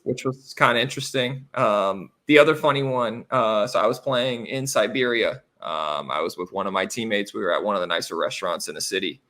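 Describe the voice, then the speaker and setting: Bright-voiced American man telling stories. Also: lowish voice, brisk, hardly any pauses. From United States. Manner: animated, rambling anecdotes with many fillers. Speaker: interview guest, professional basketball player. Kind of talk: casual storytelling.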